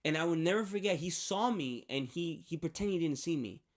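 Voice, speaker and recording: A man's voice: on the high side, animated, brisk. A young man telling a personal faith story in a rambling, hesitant way, full of restarts and fillers. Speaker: vlogger sharing a faith testimony.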